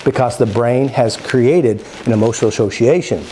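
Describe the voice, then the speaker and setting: This is a middle-aged man addressing a seminar crowd in a lively storytelling way. He keeps asking the room questions and briefly acts out other people's words. His voice sits at an ordinary pitch, with a faint noise in the background. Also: moderate pace. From Oklahoma. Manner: animated storyteller, asks the audience questions, acts out quotes. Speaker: seminar speaker. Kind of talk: live seminar talk to an audience.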